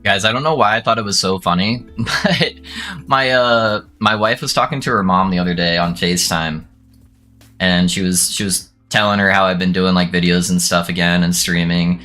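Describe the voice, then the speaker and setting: A young adult man streaming a game, chatting casually with viewers and breaking into excited whoops and laughs. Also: deep voice, normal speed, faint music behind. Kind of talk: casual gaming stream chat.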